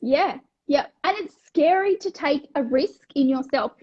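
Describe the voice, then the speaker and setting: High-voiced, blunt Australian woman. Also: unhurried, highs cut off. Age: 30s. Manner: energetic, blunt, swears freely, acts out her own past thoughts. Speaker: wellness coach and co-host. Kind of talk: casual podcast chat.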